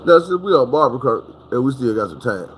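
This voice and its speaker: A man telling a comic story, casual and animated, full of profane slang, jumping up high to reenact other people. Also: fairly quick, slight background noise, poor audio.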